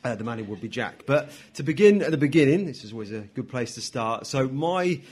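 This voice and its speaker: A man speaking as guest at a society meeting in a hotel function room, relaxed and chatty. He tells stories in a self-deprecating way, with plenty of ums and quick asides, at a middling pitch. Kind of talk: talk to a live audience.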